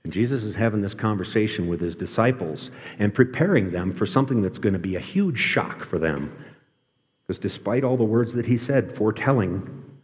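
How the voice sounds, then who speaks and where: A male pastor delivers a sermon in a low, mellow voice. He speaks earnestly, slowing down and dropping to a near hush on key words. The sound carries the long reverb of a large church hall. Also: animated. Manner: earnest, varies pace, drops to quiet emphasis.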